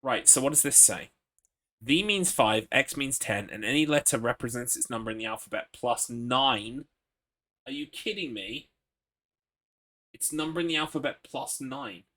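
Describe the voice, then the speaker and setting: Pushed and bright, his mid-range voice has lively intonation and a moderate pace. He's from England, streaming a horror game on his PC, casually commenting, cursing now and then, and reading out and answering chat.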